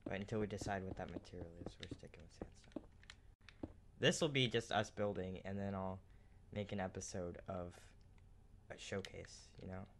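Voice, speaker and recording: A man hosting a let's play, chatting casually while building in a game, quick to direct and redirect his partner. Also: low voice, fairly even intonation, vocal fry, a little hiss or hum. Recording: keyboard clicks loud behind voice. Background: keyboard clicking.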